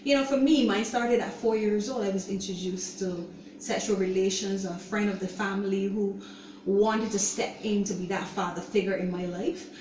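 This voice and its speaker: A woman's voice: mid-range voice, fairly even intonation, a little mellow, slight background noise. Earnest woman in a roomy echo. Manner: earnest, halting, leans on "you know". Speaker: show host sharing her own story. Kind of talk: personal testimony talk. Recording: roomy echo, voice distant from mic.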